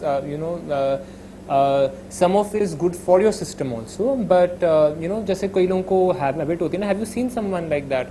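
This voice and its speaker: A man with an Indian accent, a psychologist giving an advice talk to students. He talks conversationally, fills gaps with "you know", mixes in Hindi phrases, and slows down to show calm breathing. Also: high voice, slight background noise, low-quality recording.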